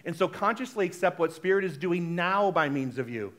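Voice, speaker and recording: A male minister giving a conversational sermon, animated and chatty, often checking in with the congregation. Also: high voice, brisk. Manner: chatty, frequently asks the congregation "right?"; animated, shifts between loud exclamations and soft asides.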